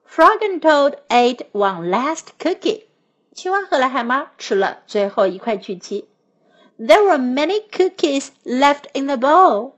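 A woman teacher reading a picture book to young children, slow and gentle. Her voice is high and very melodic, and she stretches out each phrase with lively rises and falls. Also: dull audio. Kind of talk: bilingual storybook reading for children.

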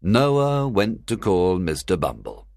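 A man reads a simplified classic novel for learners in a very deep voice. He speaks slowly and clearly but with lively rises and falls in pitch. The recording is close and dry. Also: no echo. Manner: clear, deliberate storytelling. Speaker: narrator. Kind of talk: graded reader audiobook narration.

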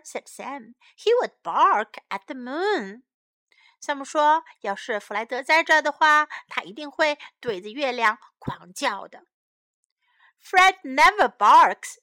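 A woman reading a children's story aloud, giving each English line and then its translation, with lively voices for the characters, and later repeating English phrases slowly for young learners. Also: high-pitched, no echo.

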